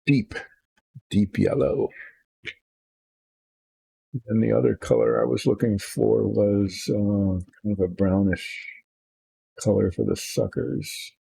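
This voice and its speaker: Gravelly low-voiced man, rambling. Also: little pitch movement, a little slow, warm tone, no room sound. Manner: rambling, self-deprecating, indecisive. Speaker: miniature painting host. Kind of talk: relaxed hobby chat while painting.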